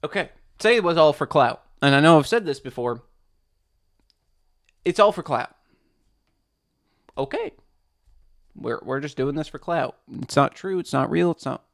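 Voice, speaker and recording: A man's voice: on the high side, animated, moderate pace, gravelly, pauses often. Rambling man reacting to a video. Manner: rambling, full of restarts and "like". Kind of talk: casual commentary.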